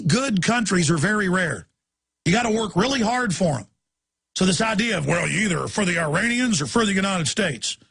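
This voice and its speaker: A man hosting a talk radio show who rants in a heated, rapid-fire way with a gravelly, raspy voice. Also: high-pitched, fairly bright tone. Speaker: radio host.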